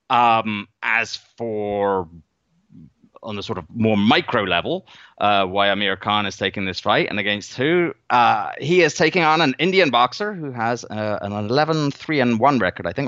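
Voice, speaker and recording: A man's voice: lowish voice, a bit bright, no echo, dull audio. A man talking boxing as an analyst on a podcast, dry and wry, with many fillers and restarts. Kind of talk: podcast chat.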